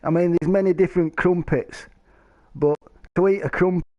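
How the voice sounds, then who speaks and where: A man's voice: high-pitched, fairly even intonation, moderate pace, highs cut off, a little hiss or hum. A man chatting casually to stream viewers, rambling and joking, laughing often. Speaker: live streamer.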